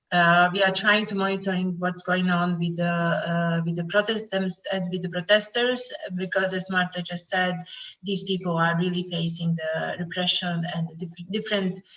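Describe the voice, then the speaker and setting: A woman with a Polish accent speaking as a panel guest in an online talk, halting with many fillers. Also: mid-range voice, pushed and bright. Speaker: guest from a human rights group. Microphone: video call. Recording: distant lo-fi video call audio.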